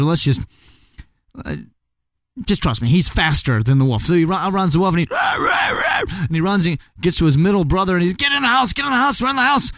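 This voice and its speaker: A man's voice: on the high side, no room sound. A man telling a fairy tale casually, with chatty, joking asides to the listener. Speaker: storyteller. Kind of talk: casual comic storytelling.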